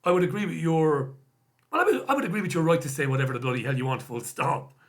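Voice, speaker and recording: A man's voice: fairly high pitch, expressive, fast talker. A man hosting a live stream, reading out viewer comments and answering them bluntly, swearing now and then. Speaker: host.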